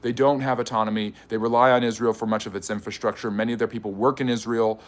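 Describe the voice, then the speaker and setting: A man's voice: lowish voice, little pitch movement, fast. A man hosting a live history stream, reading viewer questions aloud and answering them in a chatty way. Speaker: history channel host.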